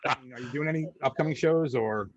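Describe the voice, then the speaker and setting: A man's voice: medium pitch, brisk, dull audio. A man with a New York accent hosting a casual podcast interview, laughing often and spelling out gag names. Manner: laughs a lot, reads out gag names letter by letter. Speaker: podcast host.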